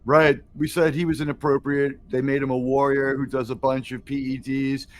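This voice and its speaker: A man's voice: medium pitch, level tone, moderate pace, slight background noise. Blunt, profane man hosting a reaction chat. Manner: blunt, profane, laughs often. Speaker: host.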